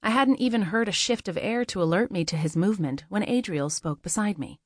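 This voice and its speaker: A woman's voice: mid-range voice, brisk, dry recording, studio quality. Woman narrating a fantasy audiobook.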